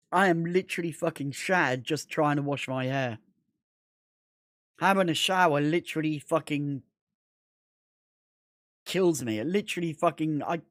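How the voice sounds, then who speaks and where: A man's voice: fairly high pitch, fairly bright tone, dry recording, clean studio sound. A man chatting casually on a gaming livestream, rambling, repeating himself and swearing constantly. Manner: rambling, repetitive, heavy swearing.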